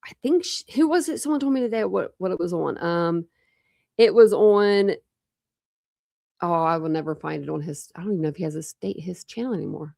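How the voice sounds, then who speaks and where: A woman's voice: lowish voice, animated, brisk, creaky, warm tone, no echo, studio quality. A woman hosting a true crime livestream, chatting casually with viewers and thinking aloud with many restarts. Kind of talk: casual chat with live viewers.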